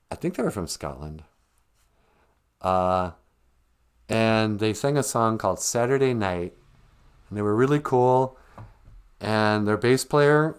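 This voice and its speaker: A man's voice: fairly low pitch, clean tone. An older man hosting a casual livestream. He reminisces, jokes and reads the chat aloud. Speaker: livestream host.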